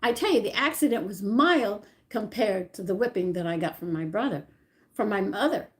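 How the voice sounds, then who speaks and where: An older woman recounts her childhood at an unhurried storytelling pace. She rambles and doubles back to fix details, and her voice swings from low, hushed asides up to high, excited bursts. Her pitch sits in a typical middle range for a woman. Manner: rambling, animated, corrects herself mid-story. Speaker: channel host. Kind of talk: personal storytelling.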